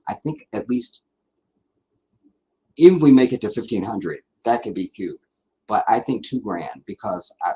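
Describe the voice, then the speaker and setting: A man's voice: low-pitched, slight background noise, rough recording. A man hosting a casual live stream, chatting loosely with viewers, rambling, repeating himself and laughing easily. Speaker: livestream host. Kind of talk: casual live chat reading viewer comments.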